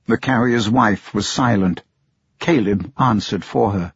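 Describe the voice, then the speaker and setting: A man reading an audiobook narration in a measured storytelling manner. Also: lowish voice, breathy edge, no echo. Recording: dull lo-fi sound.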